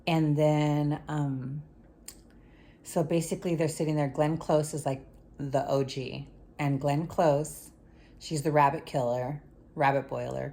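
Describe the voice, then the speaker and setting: A young woman with a notably low voice talks through a TV episode recap. Her delivery is loose and rambling, heavy on slang and filler words, like chatting with a friend. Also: mellow, a little hiss or hum. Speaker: TV show recap vlogger. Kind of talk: casual spoken show recap.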